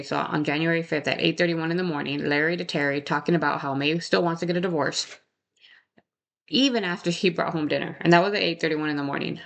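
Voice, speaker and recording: A woman recounts a true crime case in a loose, chatty way, pausing to ask "right?" and adding indignant comments. Her voice sits low and has a gravelly fry running through it. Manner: conversational, frequent "right?" tags, indignant asides. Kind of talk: casual true crime narration.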